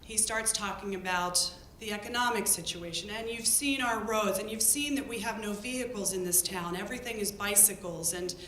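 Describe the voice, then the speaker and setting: A woman telling a lively story about her field work to an audience. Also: moderate pace, hardly any pauses. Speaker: public health worker telling a story. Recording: echoey room with faint rumble.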